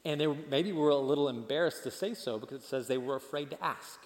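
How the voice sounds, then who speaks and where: A man preaching a sermon as pastor, animated and leading the congregation in call-and-response. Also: a little high, quick pace. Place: church. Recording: long church hall reverb.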